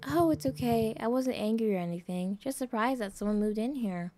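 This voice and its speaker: A woman's voice: on the high side, animated, brisk, mellow, slight background noise, close to an everyday voice. A woman voicing a teasing young woman who hides behind a wall in a visual novel, with a slightly raised voice. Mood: reassuring. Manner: teasing, breezy.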